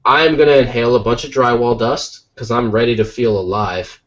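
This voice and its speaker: American man, podcast co-host, animated jokey storyteller, tired, slightly dull lo-fi sound. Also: mid-range voice, brisk, a crowd in the background. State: tired from little sleep. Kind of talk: casual chat.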